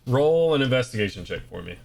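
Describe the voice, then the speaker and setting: A man's voice: medium pitch, sing-song, quick pace, vocal fry. A man narrating as game master of a tabletop game, rambling with many fillers. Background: faint battle music.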